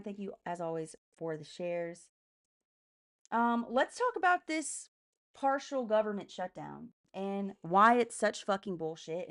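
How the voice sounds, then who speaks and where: Furious swearing woman live streamer. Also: on the low side. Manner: heavy swearing, fast and heated. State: enraged, agitated. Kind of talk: angry political rant on a live stream.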